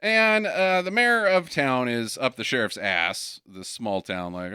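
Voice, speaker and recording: A man riffs through a casual movie-review chat with a bright, clear voice. His pitch bounces around as he jokes and acts out characters' lines. The sound is dry and close. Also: measured pace, few pauses, no room sound. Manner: joking, laughs often, acts out characters' lines. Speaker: podcast co-host.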